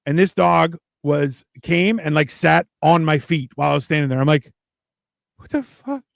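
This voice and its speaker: A man with a gravelly, slightly high voice hosts a loose, swearing-heavy chat and rambles through his stories. The sound is dry and close. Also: fairly even intonation, moderate pace, no room sound. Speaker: podcast host. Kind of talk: casual chat.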